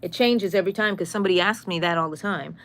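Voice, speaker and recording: A woman's voice: lowish voice, fast. Middle-aged woman, casual live-stream host, chatty, answers viewers. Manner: chatty, reads viewer comments aloud. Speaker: crochet channel host.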